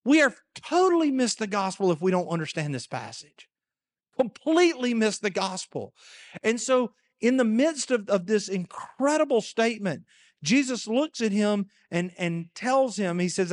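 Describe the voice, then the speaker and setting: A man's voice: high voice, very animated, normal speed. Man preaching in an echoey hall. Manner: conversational preaching, emphatic with repeated words. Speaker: pastor. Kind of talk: sermon. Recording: long echo in a church hall.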